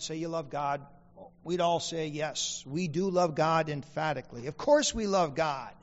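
A man's voice: fairly high pitch, long reverb tail, dull audio. A man preaching a sermon as pastor, asking the congregation questions and repeating key lines for emphasis. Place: church sanctuary.

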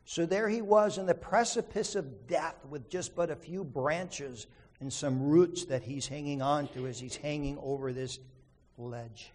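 A man's voice: fairly high pitch, measured pace, a little mellow, long reverb tail. A man preaching an earnest sermon, telling a story and then teaching from scripture with emphasis. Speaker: pastor.

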